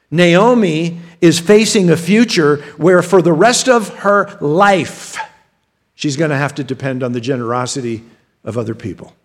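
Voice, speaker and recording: A man, a pastor, preaching a sermon in a conversational way, often repeating words and restarting as he talks straight to his congregation. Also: a little high. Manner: addresses the congregation directly.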